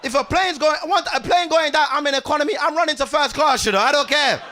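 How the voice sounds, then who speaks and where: A young man doing an animated stand-up comedy set, loud and laughing and full of slang, on a comedy club stage. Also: extremely high pitch, quick pace. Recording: live club with faint room noise.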